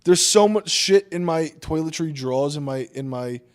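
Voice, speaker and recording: A man with a New Jersey accent co-hosting a casual podcast chat, loud and swearing freely. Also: a little high, expressive, normal speed. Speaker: podcast co-host.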